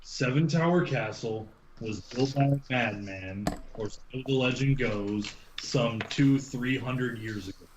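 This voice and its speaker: A man voicing a stern, wry old human warrior in a tabletop game, speaking in a measured, storytelling way. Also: mid-range voice, echoey room, noisy background, close to an everyday voice. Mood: grave.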